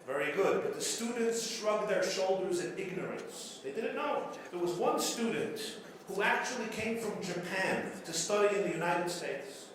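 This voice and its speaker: Man, rabbi at a dinner keynote, joke-telling storyteller, highish voice, big booming hall echo. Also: lively intonation, normal speed, a bit bright. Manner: storytelling with jokes and dramatic repetition. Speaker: rabbi giving a keynote speech. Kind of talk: after-dinner keynote speech. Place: large banquet hall. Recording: very echoey hall with faint room noise.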